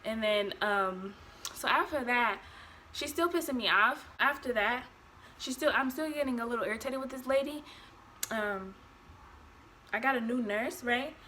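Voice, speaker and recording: A young woman vlogger telling a personal story in an animated, blunt way, swearing freely. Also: a little high, normal speed, pauses often, slight background noise. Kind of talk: storytime vlog.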